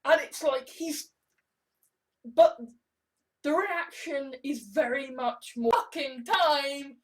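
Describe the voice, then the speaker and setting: A woman's voice: sits high, unhurried. A woman from England talking in a rambling, profane monologue full of restarts and swearing. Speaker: vlogger.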